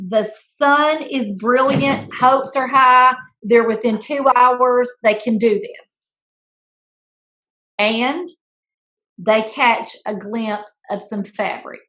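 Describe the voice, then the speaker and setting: A woman co-hosting a casual chat, telling a story with playful teasing and an animated delivery. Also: fairly high pitch, low-quality recording. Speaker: school principal, podcast co-host.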